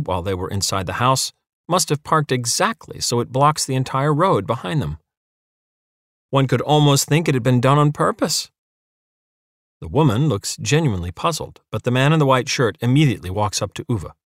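A man's voice: fairly low pitch, fairly bright tone, no room sound. Man narrating an audiobook in a dry booth. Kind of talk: scripted narration.

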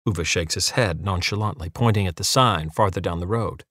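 A man reading a novel aloud in a measured storytelling voice. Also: sits low, fairly bright tone, no room sound, clean studio sound. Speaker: audiobook narrator. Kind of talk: scripted narration.

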